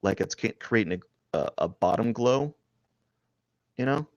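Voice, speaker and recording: A man streaming live as he draws, rambling and thinking aloud, restarting his sentences and often trailing off quietly. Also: medium pitch, expressive, measured pace, no echo. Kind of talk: casual live-stream narration while drawing.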